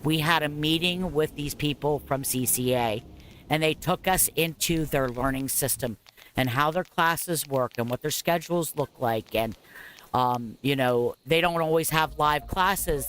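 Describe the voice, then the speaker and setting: A woman's voice: low voice, fairly bright tone. A woman in her forties tells a long personal story in a casual, rambling way, full of fillers and asides. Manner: rambling, candid, frequent fillers and 'blah, blah, blah'. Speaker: parent telling her story. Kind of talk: casual spoken story over gameplay.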